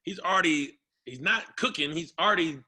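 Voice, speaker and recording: A man, a former basketball player, telling a story in a casual interview, animated and playful. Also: fairly high pitch, normal speed, slightly rough. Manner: animated, playful, acts out what others said.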